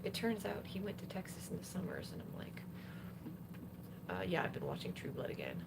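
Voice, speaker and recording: A woman's voice: lowish voice, huge pitch swings, brisk, creaky, whispered. A woman singer-songwriter chatting casually between songs on a live stream, rambling with lots of fillers while she plays guitar. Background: guitar playing.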